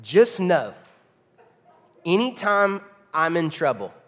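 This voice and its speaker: A man voicing his three-year-old son, a small boy pleading softly that he is sorry. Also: on the high side, very animated, slow pace, long reverb tail, noisy background.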